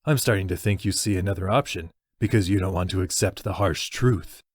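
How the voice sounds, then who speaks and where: A man's voice: deep voice, fairly quick, breathy edge, no echo, clean studio sound. A man voicing a big, scornful male rival who speaks with sneering impatience. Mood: dismissive. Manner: sneering and sharp.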